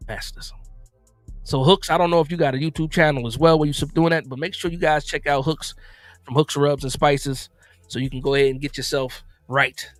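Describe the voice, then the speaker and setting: A man's voice: fairly high pitch, steady tone, fairly quick, dry recording, soft background music. A man from New Jersey hosting a live-stream football talk show, chatting loosely, repeating himself and reacting to viewer messages. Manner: loose, repetitive, reads and answers chat.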